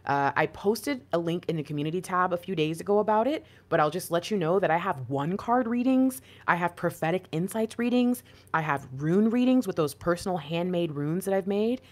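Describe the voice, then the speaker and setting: A woman with a slightly low voice, talking straight to her viewers in a chatty spiritual reading. She keeps asking rhetorical questions and answering them herself, animated and quick to jump between examples. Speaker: intuitive card reader.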